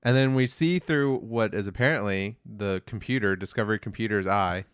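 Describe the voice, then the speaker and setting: A man's voice: lowish voice, normal speed, clean tone, no echo, studio quality. A man co-hosting a review podcast, casually retelling an episode's plot in a rambling way with lots of fillers. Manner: rambling, many fillers, quotes characters flatly.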